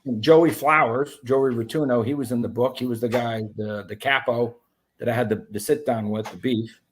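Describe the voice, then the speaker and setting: A man telling his own story as an interview guest, animated and profane, with many restarts. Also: mid-range voice, normal speed, a little hiss or hum.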